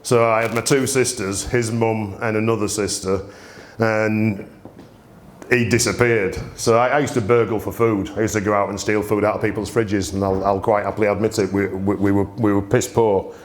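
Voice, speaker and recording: A man's voice: fairly low pitch, little pitch movement, moderate pace, a little hiss or hum. A man, hosting a gin tasting and telling humorous stories in a chatty way, laughing often. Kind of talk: anecdotal storytelling presentation. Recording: roomy echo.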